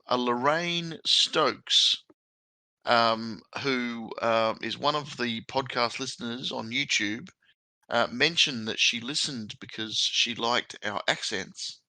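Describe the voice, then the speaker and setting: Brief: easygoing Australian host, crisp bright tone, dry recording. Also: male voice, medium pitch, takes it slowly, dry recording, rough recording. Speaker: podcast host. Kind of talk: casual podcast chat.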